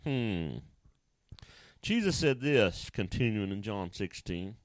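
A man's voice: lowish voice, sing-song, takes it slowly, no echo. A male pastor preaching a sermon in a folksy, conversational way, often restarting his sentences.

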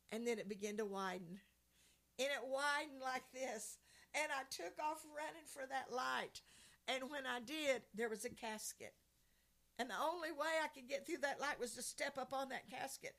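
A woman with a fairly high voice and a gravelly, crackly edge tells her story in an earnest, heartfelt way. She moves easily between recounting memories and reading scripture aloud, speaking like a speaker on a Christian program. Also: moderate pace, a bit bright. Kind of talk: personal testimony and scripture reading.

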